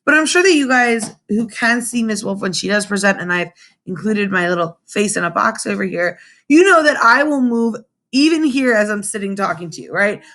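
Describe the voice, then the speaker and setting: A young woman teaching a remote class from home through her computer's webcam, in a lively manner, often checking in with her students with "right?". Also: medium pitch, moderate pace. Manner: animated, addresses students directly with frequent "right?". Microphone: computer webcam mic.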